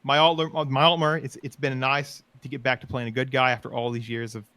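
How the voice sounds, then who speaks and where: A man's voice: medium pitch, level tone, fairly quick, pushed and bright, dry recording. A man co-hosting a podcast who tells rambling, enthusiastic stories in a casual chat about roleplay. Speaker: podcast co-host.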